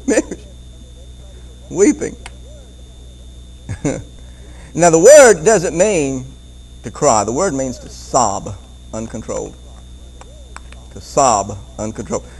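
A man preaching a Bible-teaching sermon, animated, often repeating words and chuckling as he goes. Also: on the high side, low-quality recording.

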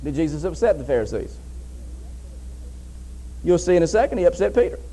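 A man's voice: a little high, very animated, brisk, mellow, slightly rough, rough recording. A man preaching a sermon in an emphatic way, repeating phrases for stress and reading scripture aloud.

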